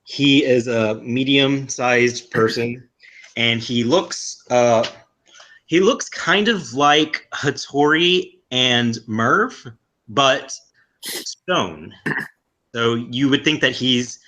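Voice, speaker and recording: A young man describes a tabletop scene as game master, taking his time. His delivery is halting and full of fillers and restarts, at an ordinary pitch for a man. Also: pushed and bright, rough recording.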